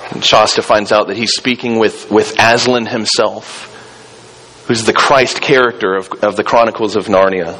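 Male pastor, earnest sermon delivery, lowish pitch, halting restarts. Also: fairly even intonation, sharp tone, slight background noise, low-quality recording. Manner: earnest, repeats words while searching for phrasing.

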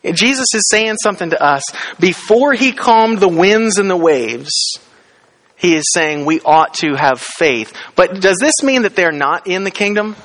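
Male pastor, chatty sermon delivery, questions the congregation, a bit higher-pitched. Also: lively intonation, a little slow, fairly bright tone. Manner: conversational, asks the congregation questions; acts out quoted lines with rising pitch.

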